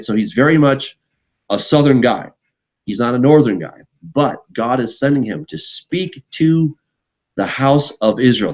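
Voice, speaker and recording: A man's voice: medium pitch, a little mellow, low-quality recording. Man teaching scripture conversationally. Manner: conversational, frequent "right?" check-ins. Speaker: pastor. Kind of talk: Bible teaching with scripture reading.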